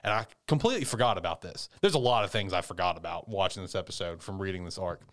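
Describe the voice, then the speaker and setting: A man casually recaps an anime episode in a fast, fairly bright voice with lively intonation. He rambles and swears, jumping into squeaky high voices to act out the characters.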